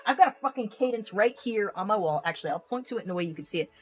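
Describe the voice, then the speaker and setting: A young adult woman streamer chatting casually and reading out viewer comments, rambling, excitable and quick to swear. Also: medium pitch. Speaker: live streamer.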